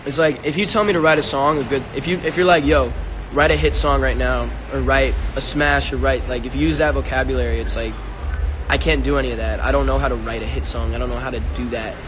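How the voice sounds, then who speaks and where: A man's voice: mid-range voice, fairly even intonation, fast talker. A young man on a casual live stream, a musician talking loosely in slang on his phone. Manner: slangy and loose, raps and sings along. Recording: loud music playing behind.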